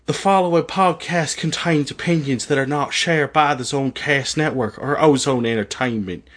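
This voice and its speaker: Prim theatrical southern belle, as a man puts her on, put-on american southern accent, slightly high pitch, drawling. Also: normal speed, a bit bright. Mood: mock-formal. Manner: drawling, mock-formal. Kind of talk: comedy podcast bit.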